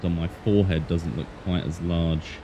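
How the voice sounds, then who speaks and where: A man's voice: deep voice, lively intonation, unhurried, mellow, slight background noise. A man streaming a game with casual, playful, self-mocking chat in a put-on Australian accent. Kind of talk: casual gameplay commentary.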